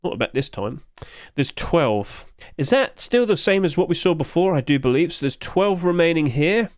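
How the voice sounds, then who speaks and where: Chatty streamer man with a higher voice. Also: big pitch swings, moderate pace, no echo, clean studio sound. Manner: chatty, jokey, answers chat and laughs often. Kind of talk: casual live-stream chat.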